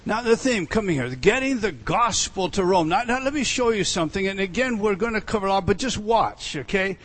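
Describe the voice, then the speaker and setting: A male pastor preaching a sermon, animated and emphatic, with frequent asides to the congregation. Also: high-pitched, normal speed.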